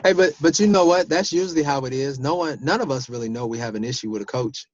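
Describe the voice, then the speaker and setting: A sports official telling a story in a casual group discussion, animated and given to repeating himself. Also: male voice, mid-range voice, fast, dull audio, a little hiss or hum.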